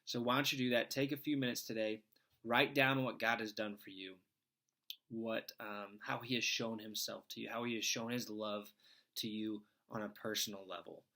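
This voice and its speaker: A man's voice: fairly low pitch, level tone, moderate pace, pushed and bright. A man reading scripture and then giving an earnest, conversational devotional talk, with frequent fillers. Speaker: devotional speaker.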